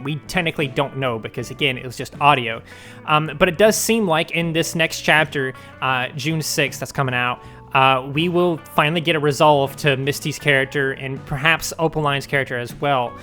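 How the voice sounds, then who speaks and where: A man's voice: on the high side, a little fast, bright, forceful tone, soft background music. Rambling man in a casual fan commentary. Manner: rambling, speculative, lots of ums and likes. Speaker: fandom news video host.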